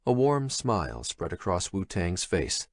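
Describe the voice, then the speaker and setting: A male audiobook narrator with a low, expressive voice reads a scripted horror thriller in a measured storytelling style. The recording is clean studio audio with no room sound.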